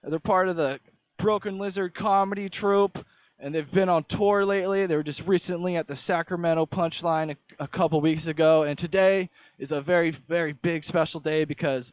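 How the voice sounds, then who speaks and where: A male radio host introduces his guests in an upbeat announcer style. His voice is high for a man and comes through thin and phone-like. The sound is very dry and close. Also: steady tone, fairly quick, no echo. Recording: dry phone-line quality.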